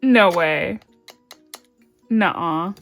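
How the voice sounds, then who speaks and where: A woman chatting casually in her vlog, bubbly and excitable, gasping and squealing over packages. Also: fairly low pitch, extremely slow, gravelly, soft background music. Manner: murmured counting of cash. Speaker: budgeting vlogger.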